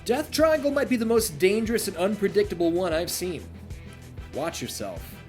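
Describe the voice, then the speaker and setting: A veteran wrestler with a grim, knowing warning, read by a man in a low, measured tone. Game music plays underneath. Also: big pitch swings, a little mellow.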